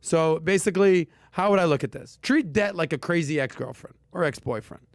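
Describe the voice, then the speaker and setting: A man hosting a casual personal finance podcast, talking with punchy emphasis and lively asides. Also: fairly high pitch, brisk, dry recording, studio quality. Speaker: podcast host.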